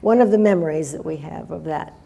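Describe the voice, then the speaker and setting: Older woman, low mellow voice, rambling casual storytelling, many restarts. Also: a little fast, vocal fry, husky. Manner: meandering, with restarts and acted-out quotes. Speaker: guest storyteller.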